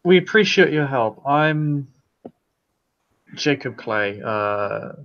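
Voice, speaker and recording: A man voicing a formal male werewolf warrior who speaks politely and haltingly, with many pauses. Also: mid-range voice, animated, muffled recording. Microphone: video call.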